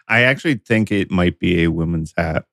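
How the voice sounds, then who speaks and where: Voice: low voice, animated, normal speed, a bit bright, no room sound, clean studio sound. A young podcast host chatting casually with a guest, laid-back and easily amused.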